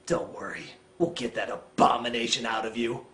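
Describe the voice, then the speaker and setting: Man doing a sullen young vampire guy, deep, curt, menacing mutter, echoey room. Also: fairly even intonation, moderate pace, fairly bright tone, close to an everyday voice. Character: brooding young male vampire, grimly curt.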